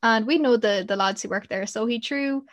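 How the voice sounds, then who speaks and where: A young Irish woman in casual conversation, telling stories with lots of laughter as a podcast co-host. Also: fairly high pitch. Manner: animated storyteller, quick to laugh. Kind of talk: casual chat.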